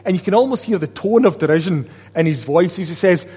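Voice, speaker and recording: A man preaching in a church hall, his slightly high, husky voice carrying a long reverb. He talks to the congregation conversationally and keeps asking them questions. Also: lively intonation, fast, few pauses, darkish tone. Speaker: pastor. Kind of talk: sermon.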